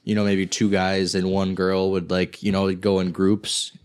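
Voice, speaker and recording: A man's voice: low-pitched, monotone, unhurried, a little mellow, clean tone. A man in his early twenties co-hosting a casual podcast, rambling with lots of "like" and "you know.". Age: 20s. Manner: rambling, filler-heavy. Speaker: podcast co-host. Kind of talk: casual chat.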